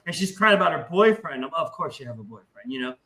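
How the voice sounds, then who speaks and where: A man telling a long anecdote in casual podcast talk, profane and animated, acting out the voices in his story. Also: fairly high pitch, fast talker, low-quality recording.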